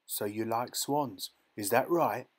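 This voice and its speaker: A man's voice: mid-range voice, moderate pace, lightly acted. A man voicing a cruel, sneering teenage boy who bullies a smaller boy, in an audiobook reading. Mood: sly, taunting. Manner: sneering, taunting.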